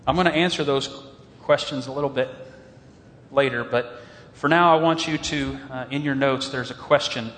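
A man preaching a sermon as pastor, earnest and animated, slowing down on emphatic phrases. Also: mid-range voice, in a large hall.

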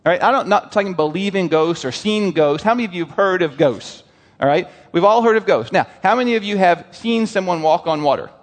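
A man delivers a sermon, animated and questioning his listeners. His voice sits a little high. The sound rings with a long hall reverb. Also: brisk. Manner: animated, asks the crowd questions, lively quoted voices. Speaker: preacher.

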